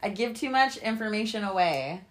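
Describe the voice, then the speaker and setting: A woman in casual chat with a friend, close to the mic. She tells her stories in a loud, profane, animated way, with her voice sitting in an ordinary middle pitch. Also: moderate pace. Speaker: podcast host.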